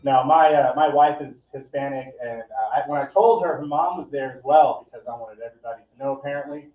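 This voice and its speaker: A man doing a stand-up set at a live comedy event, with a deadpan, profane, rambling delivery. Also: mid-range voice, brisk. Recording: echoey, distant, dull live recording.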